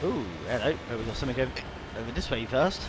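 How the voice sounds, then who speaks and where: A man's voice: mid-range voice, expressive, fast. Hiccupy guy rambling through a game, regular mid voice, faint game noise in the back. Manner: chatty, rambling, with hiccups and restarts. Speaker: gaming YouTuber. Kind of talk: casual let's-play commentary.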